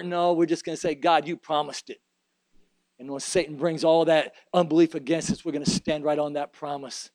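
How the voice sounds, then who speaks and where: Fervent man preaching, fairly high voice. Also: fairly even intonation, brisk, darkish tone, no echo, low-quality recording. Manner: fervent, emphatic preaching with repeated phrases. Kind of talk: sermon and altar prayer.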